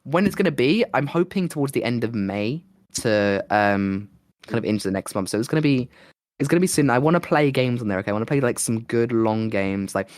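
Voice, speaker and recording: A man co-hosting a podcast, hoarse and losing his voice, chatting casually and rambling with plenty of "like". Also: mid-range voice, lively intonation, a little fast, dry recording, clean studio sound. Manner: rambling, lots of "like" and restarts. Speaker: podcast co-host and streamer. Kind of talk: casual chat.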